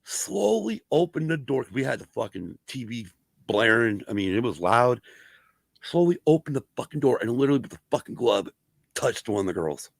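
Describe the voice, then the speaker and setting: Brief: middle-aged male podcast host, gravelly, lively swearing storyteller, dry close sound. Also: medium pitch, moderate pace, no echo. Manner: profane, animated storyteller. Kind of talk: casual storytelling chat.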